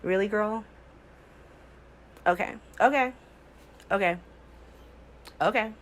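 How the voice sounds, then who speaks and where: A woman's voice: mid-range voice, slow pace, rough recording. A woman hosting a casual soap opera recap from home, talking in a sassy, exasperated way full of rhetorical questions.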